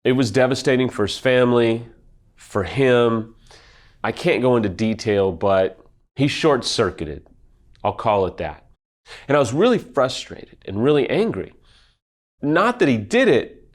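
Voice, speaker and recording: Earnest guy doing a recovery advice video, mid-pitch voice, talks with feeling. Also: lively intonation, a little slow. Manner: earnest, emphatic, personal storytelling. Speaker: affair recovery expert. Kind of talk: expert video talk.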